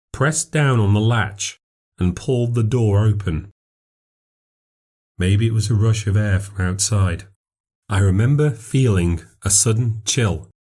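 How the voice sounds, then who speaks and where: A man narrating a ghost story in a measured, steady way. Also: fairly low pitch.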